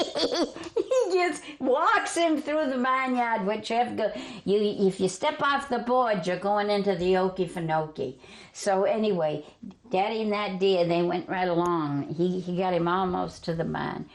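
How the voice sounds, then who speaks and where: An older Vermont woman, a storytelling guest, shares family tales in a folksy, casual manner and laughs along as she goes. Her voice sits in the middle range, with lively intonation and a slightly slow pace.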